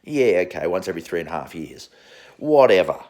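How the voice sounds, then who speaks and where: A man's voice: low-pitched, big pitch swings, brisk, a little mellow. A man with an Australian accent giving a profane, sarcastic political rant as a vlogger. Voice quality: swears constantly, sarcastic and heated.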